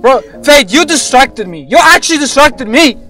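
A woman talks expressively at a moderate pace over loud music, pretending to be a bossy, cranky young boy in shooter game voice chat. Easily upset, he whines, orders his team around, and breaks into shrill outbursts.

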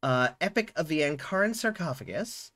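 Guy streaming a game, kinda high voice that jumps all over, chatty and fumbly. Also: moderate pace. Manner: chatty, fumbling with settings, lively ups and downs. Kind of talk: casual live-stream chat while gaming.

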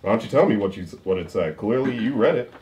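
A man improvises his suspect's answers in a murder mystery party game, stammering and then laughing his way out. His voice swings widely in pitch as he talks. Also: animated, fast, darkish tone, slight background noise. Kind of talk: in-character improv among friends. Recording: echoey room.

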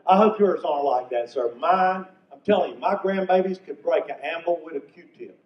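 A man's voice: fairly high pitch, moderate pace. An older man from North Carolina, telling stand-up comedy stories in a folksy way. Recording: echoey venue from far off, muffled.

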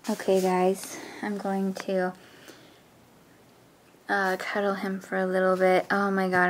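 A woman's voice: medium pitch, steady tone, a little slow. A woman filming an unboxing vlog, gushing with breathless exclamations and often dropping into an awed whisper. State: shaking with excitement. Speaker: vlogger.

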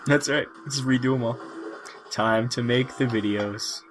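A man's voice: medium pitch, steady tone, a little slow. A man from Ontario co-hosting a podcast in casual chat, joking and laughing often. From Ontario, Canada. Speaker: podcast co-host.

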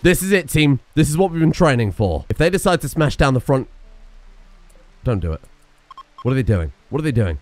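A man's voice: medium pitch, fairly quick, pauses often, faint music behind. A man casually commentating his own gameplay, breaking into exclaims and laughter. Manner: excitable, laughs and exclaims in bursts. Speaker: gaming video host.

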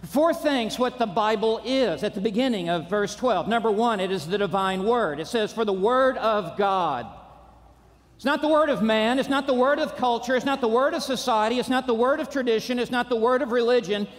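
A man preaching a conference sermon, driving his points home with punchy repetition and rising to shouts. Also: very high-pitched, moderate pace. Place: large auditorium. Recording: long reverb of a large hall.

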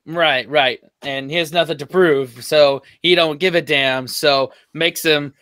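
A man's voice: a little high, fairly even intonation, unhurried, a bit bright, clear, resonant tone, dry recording. An American man co-hosting a reaction video, chatting in a jokey, folksy way. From United States. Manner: jokey, folksy turns of phrase. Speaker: reaction channel co-host. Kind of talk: casual chat.

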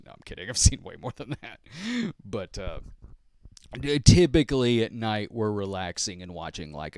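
A man's voice: lowish voice, gravelly, smooth, no room sound, studio quality. A man in his fifties hosting a podcast, chatting casually and answering viewer questions in a rambling, self-deprecating way with frequent chuckles. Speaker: podcast host and movie reviewer.

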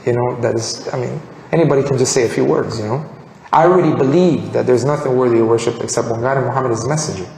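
A man's voice: medium pitch, vocal fry, darkish tone, a little hiss or hum. A man from Colombia telling his story of becoming a Muslim, acting out the dialogue as he goes. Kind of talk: personal testimony. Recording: echoey room with long reverb.

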